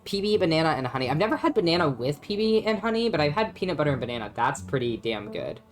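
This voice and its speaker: A woman's voice: low voice, very animated, fast. A young woman streaming a story game, chatting casually with her chat, swearing and laughing often.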